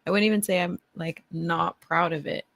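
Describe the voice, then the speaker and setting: A woman's voice: fairly low pitch, steady tone, moderate pace, creaky, a bit bright, dry recording. A woman hosting a casual live-stream chat who is playful, laughs often and swears casually, speaking into a mic on a stand. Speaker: host.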